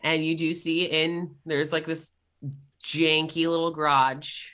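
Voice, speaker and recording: Bright-voiced game master, rambling narration. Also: medium pitch, level tone, slow, clean tone. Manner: rambling, filler-heavy description.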